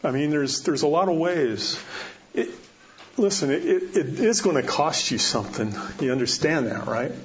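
A man's voice: fairly high pitch, expressive, moderate pace. Man preaching a conversational sermon. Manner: conversational preaching with rhetorical questions. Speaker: pastor. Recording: dull lo-fi sound with faint noise.

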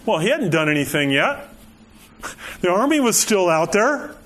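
A man's voice: high voice, sing-song, moderate pace, a bit bright. A man preaching in a conversational way, reading scripture aloud and asking the listeners rhetorical questions, often saying "you know". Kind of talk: conversational sermon.

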